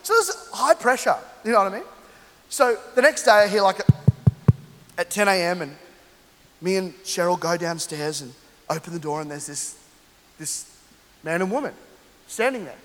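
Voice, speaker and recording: A man in his thirties from London, a pastor telling an animated, humorous story during a sermon and speaking straight to the congregation. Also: high voice, normal speed, pauses often. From London, England. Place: church hall. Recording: long hall reverb.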